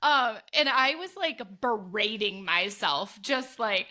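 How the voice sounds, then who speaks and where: A woman's voice: a little high, expressive, measured pace, hardly any pauses, pushed and bright. A woman in her thirties, a podcast co-host, telling a story in casual chat, laughing often and acting out her own past voice.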